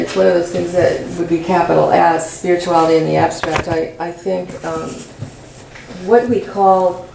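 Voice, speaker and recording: A woman poet answers audience questions in a college room, slowly searching for the right words. Her voice is low, dark and gravelly, a bit hoarse as she loses it. It echoes off the room from a mic some distance away. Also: a little hiss or hum. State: losing her voice. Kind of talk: conversational Q&A after a reading.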